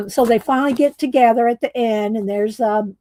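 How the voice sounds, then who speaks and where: A woman's voice: on the high side, a little fast, warm tone, dry recording. A woman hosting a coloring livestream, chatting casually and rambling with fillers and restarts. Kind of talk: casual chat while coloring.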